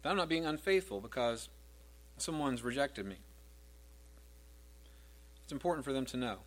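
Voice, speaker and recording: A man's voice: medium pitch, lively intonation, normal speed. Emphatic middle-aged man preaching a sermon. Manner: emphatic, repeats scripture with rising stress. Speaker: pastor.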